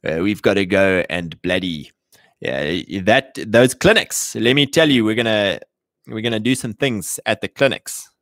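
A man's voice: on the low side, measured pace, fairly bright tone, no echo. A man putting on a brash Aussie bogan. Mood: blustering. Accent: put-on Australian. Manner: blustering, swaggering slang. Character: loud brash male Australian bogan.

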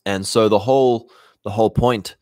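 A man's voice: lowish voice, fairly even intonation, normal speed, warm tone, no room sound, clean studio sound. A man hosting a podcast, talking in a casual, rambling monologue with many restarts and mocking put-on voices.

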